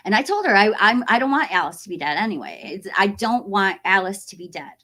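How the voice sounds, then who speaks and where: A woman in her forties chatting casually to camera as a horror YouTuber, animated and acting out other people's voices as she tells a story. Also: mid-range voice, a little fast. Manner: animated, acts out quoted voices.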